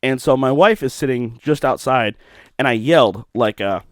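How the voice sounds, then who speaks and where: A young man hosting a podcast from home, telling stories in a profane, animated way with bursts of laughter. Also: mid-range voice, moderate pace, no echo, studio quality. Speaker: podcast host. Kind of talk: solo podcast monologue.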